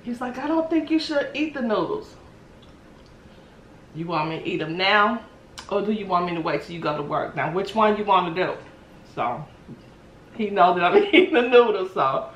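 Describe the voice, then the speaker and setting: A woman's voice: fairly low pitch, animated, brisk, slight background noise. Chatty woman eating on camera, echoey room. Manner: chatty, playful, mouth full, humming between bites. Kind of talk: casual mukbang chat.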